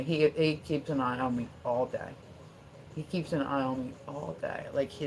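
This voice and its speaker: Low-voiced woman chatting on a livestream. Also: slight background noise. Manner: rambling, profane, many fillers. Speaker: live streamer. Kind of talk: casual livestream chat. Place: at home with her dog.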